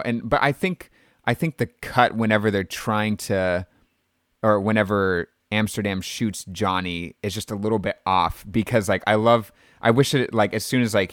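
Man, low voice, dry close sound, chatty film talk with plenty of filler words. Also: dry recording. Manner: chatty, animated, lots of fillers. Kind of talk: casual film discussion.

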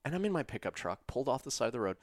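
A man telling a long story in casual conversation, animated and profane, with lots of "like". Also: mid-range voice, racing, no echo, studio quality. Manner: profane, animated, uses "like" a lot. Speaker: storyteller guest.

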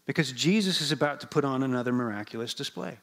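A man's voice: medium pitch, fast talker, fairly bright tone. A man preaching a sermon as pastor, in a conversational, humorous way, often asking the congregation questions.

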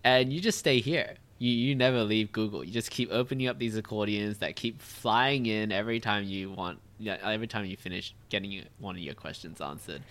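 A man's voice: fairly low pitch, fairly quick, hardly any pauses, fairly bright tone. A man in casual conversation, talking in a rambling way with many fillers and restarts. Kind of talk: casual chat.

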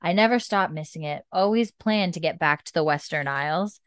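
A woman recaps a show in casual chat, slipping into each character's lines as she goes. Her voice sits on the low side and the sound is dry and close, with no room around it. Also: brisk, clean tone, no room sound. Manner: animated retelling, acting out characters' lines, frequent "like". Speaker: podcast co-host recapping a TV episode.

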